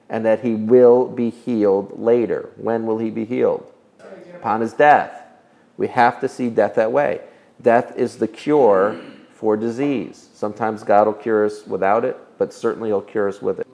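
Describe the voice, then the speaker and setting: A man's voice: fairly low pitch, gravelly, a little mellow. A man preaching a sermon, earnest and emphatic, asking his listeners rhetorical questions. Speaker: pastor.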